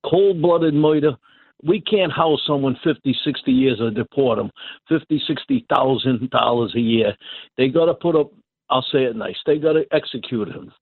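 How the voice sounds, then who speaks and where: A man's voice: medium pitch, normal speed, breathy edge, no echo. A man calling in to a radio show, emphatic and repetitive with stumbling restarts. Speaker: caller. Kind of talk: phone-in call. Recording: tinny phone line.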